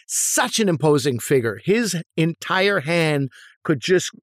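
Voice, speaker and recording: A man's voice: on the high side, big pitch swings, slow, no echo, studio quality. A man, an actor, telling stories from film sets in a casual interview, rambling with many restarts and asides. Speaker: actor guest.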